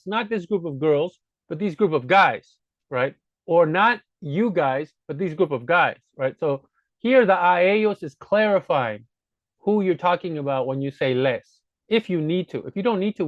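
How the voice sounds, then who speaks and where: Guy teaching grammar, kinda high voice, patient, says stuff twice, muffled dry recording. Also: no echo. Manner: patient, repeats points to drive them home. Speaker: language teacher. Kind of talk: casual spoken grammar lesson.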